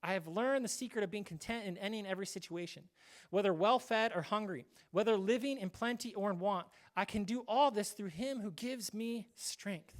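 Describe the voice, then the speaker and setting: A man's voice: high-pitched, normal speed. A male pastor giving a casual, conversational sermon, acting out short quoted voices now and then.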